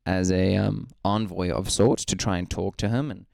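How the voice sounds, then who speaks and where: A man's voice: deep voice, steady tone, moderate pace, gravelly, a little mellow, no echo, clean studio sound. A man co-hosting a casual gaming podcast, telling rambling stories and laughing often. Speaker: podcast co-host.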